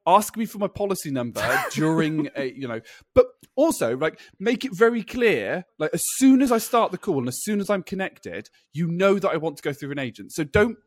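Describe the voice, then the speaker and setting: A man co-hosting a podcast in casual chat, telling stories excitably and laughing often. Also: on the high side, brisk, dry recording, clean studio sound. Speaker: podcast co-host.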